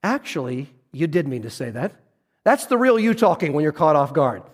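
A man preaching a sermon as pastor, earnest and emphatic, slowing down to stress key phrases. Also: fairly high pitch, big pitch swings, long reverb tail. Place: church sanctuary on a stage.

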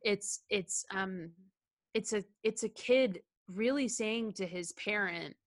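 A woman's voice: medium pitch, takes it slowly. A woman co-hosting a podcast, talking through a film scene in casual, heartfelt chat with lots of ums and restarts. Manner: hesitant, many ums and restarts, laughs often; earnest and heartfelt. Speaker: podcast co-host.

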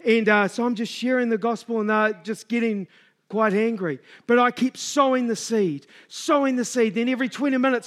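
A middle-aged man preaching a sermon, telling a story and acting out the dialogue before building to loud exhortation. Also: extremely high pitch, normal speed.

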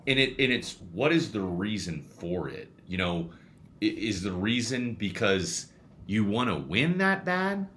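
With a fairly low pitch and a measured pace, this youth baseball coach chats and spins animated stories full of restarts and repeated words. There's a little hiss or hum on the recording.

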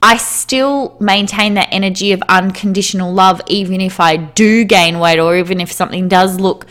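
A woman's voice: mid-range voice, moderate pace, a bit bright. A woman, talking candidly in a casual personal monologue, full of "like", easy laughs and casual swearing.

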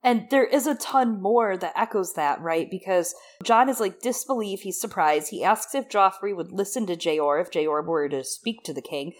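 A woman's voice: mid-range voice, animated, moderate pace. A woman co-hosting a casual book discussion, steadily recapping the plot. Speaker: podcast co-host.

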